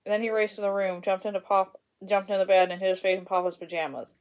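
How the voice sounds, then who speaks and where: A woman narrating a children's storybook aloud in a gentle, expressive way. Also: mid-range voice, fast, few pauses, highs cut off. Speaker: storybook reader.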